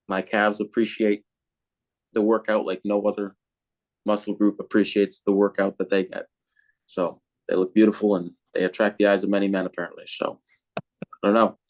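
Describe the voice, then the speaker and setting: Deep-voiced man rambling on a podcast. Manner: rambling, with many fillers and restarts. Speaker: podcast co-host being interviewed. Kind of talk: casual podcast chat.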